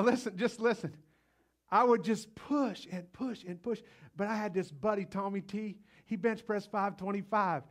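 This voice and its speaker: A middle-aged man preaching a live sermon at a church service, energetic and exhorting, swinging between loud outbursts and low, quiet passages. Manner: energetic, exhorting, calls out "come on". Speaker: pastor.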